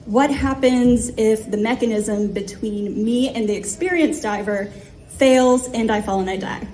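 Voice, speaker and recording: A woman in her thirties tells a personal story on stage, poking fun at herself with a vivid, comic touch. Her voice sits a little high but sounds soft and mellow. A faint hum of noise lies under it. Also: unhurried. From Ohio, USA. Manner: self-deprecating, comic, vivid.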